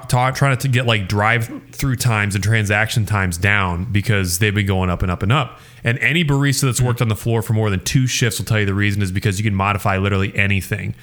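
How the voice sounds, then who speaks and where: Ranting young man with hiccups. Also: on the low side. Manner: animated, ranting. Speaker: podcast co-host. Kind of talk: casual sports podcast chat.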